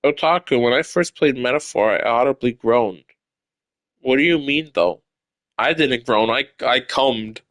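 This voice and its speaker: A man's voice: mid-range voice, measured pace, fairly bright tone, no room sound. A man streaming a video game, reading its dialogue aloud in a playful, casual way. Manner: playful, jumps between voices.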